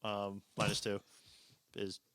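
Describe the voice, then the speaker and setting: A man's voice: on the low side, monotone, slow, heavy background noise. A man playing in a tabletop role-play game, talking casually and swearing freely. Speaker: player.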